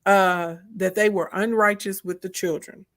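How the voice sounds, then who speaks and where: Animated Southern woman. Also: mid-range voice, unhurried, no room sound, studio quality. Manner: animated, emphatic, talks through opinions with asides to listeners. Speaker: co-host. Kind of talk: casual chat.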